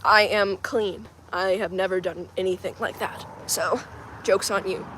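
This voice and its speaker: A chatty woman hosting a casual livestream from home, speaking into her phone. She answers viewers' comments aloud in an easygoing way and laughs often. Her voice sits at a mid pitch. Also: steady tone, a little slow, background noise. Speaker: livestream host.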